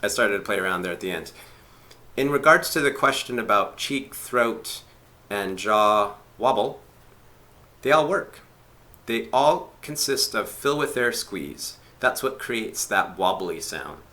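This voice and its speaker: Male instrument teacher on a webcam chat, lowish and bright, patient step-by-step explainer. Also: animated, measured pace. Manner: demonstrating rhythms by chanting syllables; explaining step by step, thinking aloud. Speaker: didgeridoo teacher. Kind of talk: live video lesson. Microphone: webcam on a live video chat.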